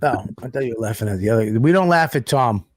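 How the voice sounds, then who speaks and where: A man's voice: medium pitch, lively intonation, quick pace, no room sound, studio quality. A man co-hosting a casual comedy podcast, loose and profane, with laughing asides. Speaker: podcast co-host.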